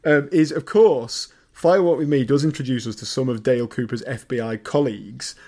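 A British man co-hosting a podcast, chatting casually about a film and rambling with bursts of excitement. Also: normal speed. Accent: British English. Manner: chatty, rambling, swings loud and high when excited. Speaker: podcast co-host.

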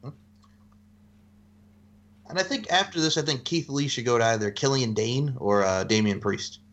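A man's voice: medium pitch, normal speed, a bit bright. A man co-hosting a wrestling podcast in casual chat, who laughs often and talks animatedly. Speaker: podcast co-host.

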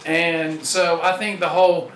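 Bright-voiced man in an echoey room. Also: a little high, flat delivery, a little slow. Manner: earnest, repeats his opening words. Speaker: former college football lineman, guest. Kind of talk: casual sports interview. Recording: echoey room with faint background noise.

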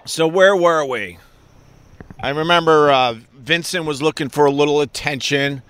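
A middle-aged man from Long Island, New York, with a matching accent, hosts a live stream, chatting in a rambling, joking, profane way. His mid-range voice is a bit bright and clean, at normal speed, in a dry recording.

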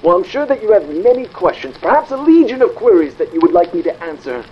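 A man's voice: sits high, big pitch swings, quick pace, highs cut off, slight background noise. A pompous aristocratic father on an old record. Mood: imperious. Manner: grandiloquent, condescending, theatrical. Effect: old vinyl record playback.

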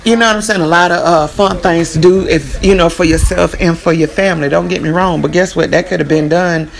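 Gravelly woman ranting casually. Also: on the low side, steady tone, brisk, soft background music. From Texas. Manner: emphatic, repeats "you know what I'm saying". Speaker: podcast host. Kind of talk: casual opinion monologue.

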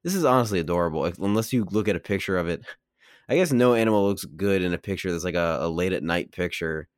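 A man with a very deep voice co-hosting a podcast, joking and getting animated as he talks, with the odd curse thrown in. The recording is dry and close-miked. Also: fast, no room sound. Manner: animated, swears, jokey. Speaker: podcast co-host. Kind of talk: casual chat about a TV series.

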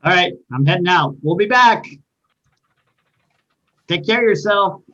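A man's voice: high-pitched, animated, unhurried, sharp tone, highs cut off, pitched above the performer's own voice, exaggerated voice. A man playing a reassuring investigator. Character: earnest adult male investigator reassuring a trapped friend. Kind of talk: tabletop role-play.

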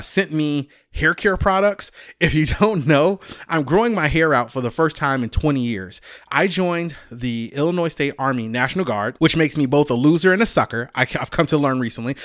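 A man's voice: medium pitch, a bit bright, no room sound, studio quality. Rambling, chatty man from Chicago. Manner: rambling, chatty storyteller who laughs at himself. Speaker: podcast host. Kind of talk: casual podcast monologue.

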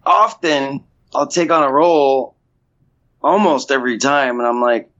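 Appearing as an interview guest, a man speaks unhurriedly in a medium-pitched, fairly bright voice. His talk is casual and rambling, with many restarts and constant "you know"s, recorded in dull lo-fi sound.

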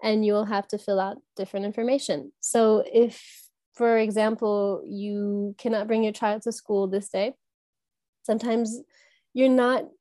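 A woman speaks in a mellow, relaxed tone, working through her answers with pauses and restarts. Her voice sits close and dry, with little room sound around it. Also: mid-range voice, no room sound. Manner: thoughtful, halting with frequent um and restarts. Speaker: guest from an education app company. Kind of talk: conversational interview answers.

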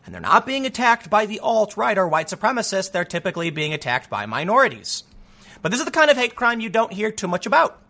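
A man's voice: sits high, very animated, fast, creaky, bright, forceful tone. A man hosting his own show, giving casual, opinionated commentary, thinking aloud with frequent restarts and weighing both sides.

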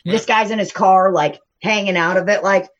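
A woman's voice: medium pitch, fairly even intonation, normal speed, dull audio, slight background noise. A woman chatting casually with friends, telling crude stories from her restaurant job with plenty of laughter and acted-out quotes. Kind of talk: casual chat among friends. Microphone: phone.

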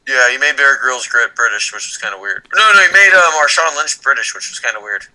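A man's voice: mid-range voice, lively intonation, fairly quick, sharp tone, low-quality recording. A man joking sarcastically and teasing his friends in a casual podcast chat. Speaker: podcast co-host.

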